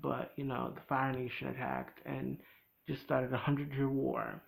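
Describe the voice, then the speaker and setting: A young man recapping a cartoon episode in a casual, rambling way, full of fillers and quick acted quotes. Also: medium pitch, big pitch swings, vocal fry, low-quality recording.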